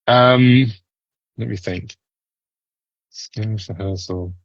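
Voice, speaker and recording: A man from Britain, a guest actor chatting in an interview, telling animated stories with frequent laughs and restarts. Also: fairly low pitch, slow pace, no room sound, lo-fi sound. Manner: animated storyteller, laughs often, many restarts. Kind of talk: casual interview chat.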